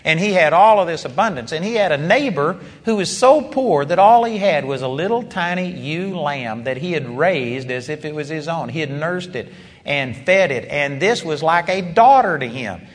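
A man's voice: a little high, expressive, moderate pace, in a large hall. A man preaching a sermon, retelling a story with emphatic rises and asides.

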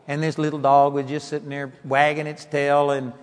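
A high-pitched male preacher delivers a fiery sermon, his voice climbing into shouts and dipping into mocking whines. The sound carries a long reverb from a large hall. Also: monotone, moderate pace. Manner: impassioned, building to shouts, mocking whiny voices.

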